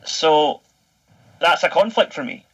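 A man's voice: on the high side, takes it slowly, fairly bright tone, slightly rough, rough recording. A Scottish man in his thirties chatting on a podcast, telling stories animatedly and swearing freely. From Scotland. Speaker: podcast guest. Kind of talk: casual podcast chat.

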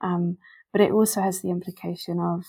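A woman's voice: lowish voice, flat delivery, a little fast, creaky, warm tone, breathy edge. A woman, a literary scholar and podcast guest, discussing a poem in a thoughtful, hesitant way with many ums and restarts.

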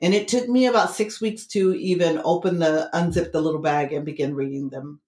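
Animated woman telling a story, roomy sound. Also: deep voice, a little fast. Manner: animated storyteller acting out quoted voices. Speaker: interview guest, tarot teacher. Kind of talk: casual storytelling interview. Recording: roomy echo.

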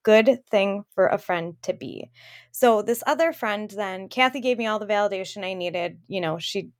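A woman's voice: mid-range voice, moderate pace. A woman co-hosting a podcast, telling a personal story in an open, emotional way. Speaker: podcast co-host. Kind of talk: casual chat.

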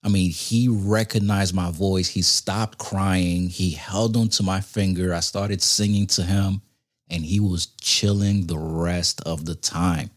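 A man with a low voice tells a story casually and with feeling, slipping into slang as he talks. His telling stays lively and personal. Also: slow pace.

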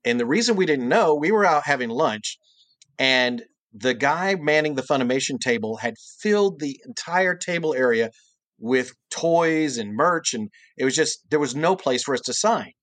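Animated middle-aged man telling a story. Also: moderate pace, no echo. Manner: animated, jumps into high exaggerated voices when quoting people. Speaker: guest voice actor and cartoonist. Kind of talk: storytelling anecdote in podcast interview.

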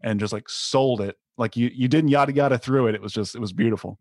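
A man's voice: medium pitch, fast talker, a little mellow, no room sound, clean studio sound. A man, an author, chatting as a guest on a podcast, earnest and appreciative, eager to explain his work. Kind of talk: casual podcast chat.

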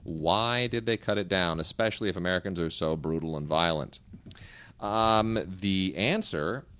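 Low-voiced man ranting on a podcast. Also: moderate pace, a bit bright. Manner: rambling, opinionated, restarts sentences. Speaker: podcast co-host reading listener emails. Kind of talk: casual podcast chat.

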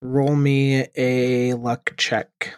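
A man narrating as game master of a tabletop role-play, brisk and casual, swearing offhandedly. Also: medium pitch, level tone, clear, resonant tone, dry recording.

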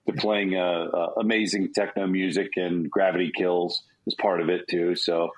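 A man's voice: low-pitched, moderate pace, rough recording. A middle-aged man co-hosting a podcast, telling a story in casual chat and acting out the voices of people in it. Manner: animated storyteller, acts out quoted voices. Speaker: podcast co-host.

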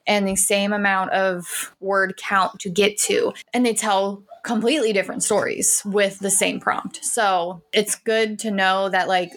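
A woman co-hosting a podcast, talking in an upbeat, friendly, conversational way. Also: mid-range voice. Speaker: podcast co-host. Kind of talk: casual podcast chat.

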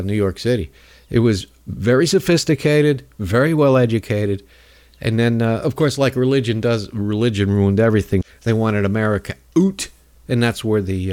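A male talk host in a loose, rambling monologue, sarcastic and cutting. His pitch swings widely as he talks, and he drops into mocking voices of the people he criticizes. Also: a little mellow. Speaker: political talk show host. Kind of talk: casual political monologue.

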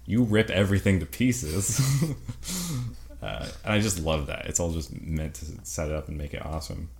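A man co-hosting a casual gaming podcast, talking with enthusiasm, laughing often and filling pauses with ums. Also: extremely low pitch. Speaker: podcast co-host.

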